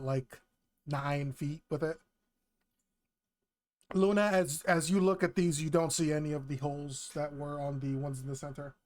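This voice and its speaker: A man running a tabletop game as game master, describing the scene with frequent fillers and pauses. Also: on the high side. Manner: relaxed, hesitant, many fillers.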